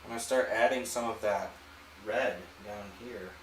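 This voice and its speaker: Relaxed man talking through a painting. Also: on the low side, moderate pace, roomy sound, slight background noise, rough recording. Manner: relaxed, thinks aloud while painting. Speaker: art channel host. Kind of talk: painting demonstration. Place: home art studio.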